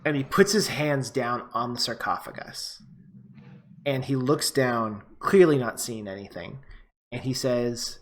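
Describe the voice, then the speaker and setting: A man runs a tabletop game, narrating the scene in a relaxed, meandering way. He fills his description with ums and likes and keeps his voice at a middle pitch. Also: measured pace. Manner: relaxed, filler-heavy narration. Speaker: game master.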